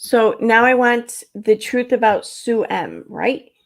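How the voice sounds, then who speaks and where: A woman's voice: fairly high pitch, slow. An American woman hosting a casual livestream, rambling with many fillers and laughing easily. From United States. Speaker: livestream host.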